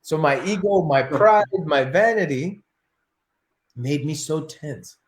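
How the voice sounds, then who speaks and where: A martial arts teacher telling a story in an interview, animated and acting out his inner thoughts. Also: a little high, slow pace. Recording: echoey room.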